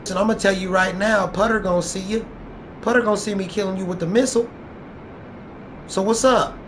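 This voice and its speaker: A man with a high, raised voice trash-talks a rival player over his game commentary, taunting and boastful. He swears constantly and hammers the same jabs over and over. A faint hiss of noise sits under the recording. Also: fairly even intonation, fairly quick. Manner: taunting, boastful, profane, repeats lines for effect. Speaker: gaming YouTuber.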